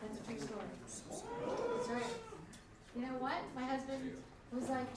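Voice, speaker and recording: A woman's voice: high-pitched, big pitch swings, moderate pace, pauses often. A woman hosting a comedy club, bantering crudely and mocking herself between acts in front of a live audience. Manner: brash, crude, self-mocking banter with the crowd. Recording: echoey club, distant mic, crowd noise.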